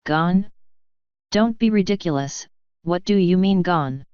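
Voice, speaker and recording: A woman voicing a pompous stallion noble, demanding, crisp and dry. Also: fairly low pitch, a little slow, a little mellow, dry recording, muffled recording, natural voice. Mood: haughty. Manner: demanding, self-important. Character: pompous haughty stallion noble, male adult.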